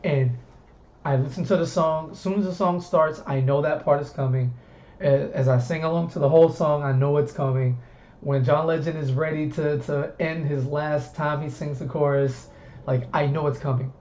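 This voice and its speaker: A man's voice: on the high side, fairly even intonation, normal speed, a little mellow. A man from the southern US hosting a casual talk stream, rambling easily and repeating words as he goes. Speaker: host. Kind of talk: casual chat. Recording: muffled stream audio with faint hiss.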